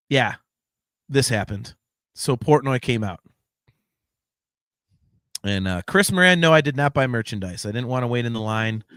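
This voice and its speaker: A man hosting a podcast, telling a long casual story in a rambling, excited way with plenty of casual swearing. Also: medium pitch, smooth, dry recording, clean studio sound. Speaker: podcast host.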